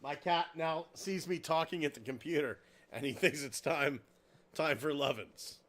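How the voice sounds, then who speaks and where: A man hosting a casual podcast from his home computer, his voice bright and a little high for a man. He riffs in crude, joking banter and pokes fun at himself, speaking into a desk mic. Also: moderate pace. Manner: crude, joking, self-deprecating. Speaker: podcast host.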